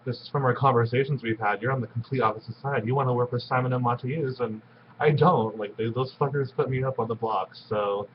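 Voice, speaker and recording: A man's voice: mid-range voice, steady tone, brisk, muffled recording, slight background noise. A man recording a blunt, slangy confessional about cutting ties with another player. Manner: blunt, dismissive, casual slang. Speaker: contestant in an online game.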